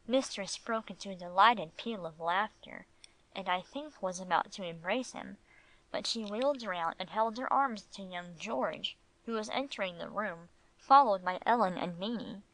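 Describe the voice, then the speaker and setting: A woman narrating a classic audiobook in a measured, even storytelling manner. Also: medium pitch, dry recording, rough recording. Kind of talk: scripted narration.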